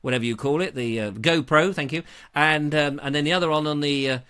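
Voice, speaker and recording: A man's voice: fairly high pitch, steady tone, a little fast, a bit bright, clean tone. A man hosting a live online show on a lapel mic, chatting in a jokey, rambling, self-deprecating way. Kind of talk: casual rambling live-stream chat.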